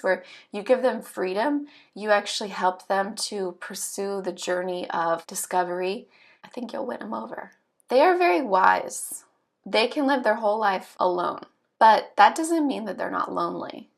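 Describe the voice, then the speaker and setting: A woman's voice: mid-range voice, gravelly. A woman hosting an astrology channel, explaining in a chatty, conversational way with frequent fillers. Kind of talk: casual explanatory monologue.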